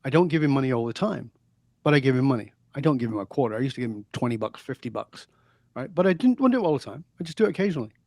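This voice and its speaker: A man's voice: mid-range voice, lively intonation, very fast, a little mellow, dry recording, studio quality. A man, a guest in an interview, telling stories and making points in an emphatic, preachy way. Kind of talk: interview conversation.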